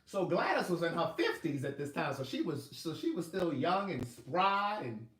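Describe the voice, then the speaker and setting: A middle-aged male author telling a personal story in a lively, laughing way, acting out quotes. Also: fairly high pitch, normal speed. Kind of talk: storytelling monologue. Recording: roomy echo.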